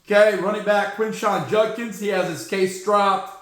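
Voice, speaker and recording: A man's voice: high-pitched, fairly even intonation, normal speed, a bit bright, reverberant. A man hosting a football podcast, running through the news in a sarcastic, joking way. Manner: sarcastic, joking, mocks teams with silly sound effects. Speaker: podcast host. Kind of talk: casual sports news commentary.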